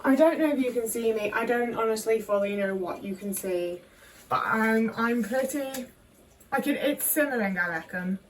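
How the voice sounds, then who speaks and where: A woman's voice: fairly high pitch, moderate pace, far from the mic, a little hiss or hum. A young woman chatting anxiously to the camera while cooking in her home kitchen, questioning herself and swearing often. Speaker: vlogger. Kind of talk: casual cooking vlog talk.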